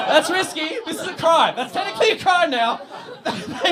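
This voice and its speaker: A man with an Australian accent doing a profane stand-up comedy set, swinging from shouted bits to mock-quiet asides. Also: very high voice, expressive, moderate pace, hardly any pauses. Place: live comedy venue before a laughing audience. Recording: live stage mic, loud crowd noise. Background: loud crowd laughter.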